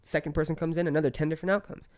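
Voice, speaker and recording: A man in his thirties tells a story in a casual podcast chat. His voice sits a touch on the high side, and he swears freely. His pitch climbs sharply as he gets worked up. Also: level tone, very fast. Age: 30s. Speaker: podcast guest.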